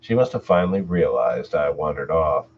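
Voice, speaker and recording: A man's voice: very deep voice, very animated, moderate pace, slight background noise. A man hosting a live stream, reading horror stories aloud and chatting casually with viewers between them. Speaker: channel host and story narrator. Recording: distant mic, dull lo-fi sound.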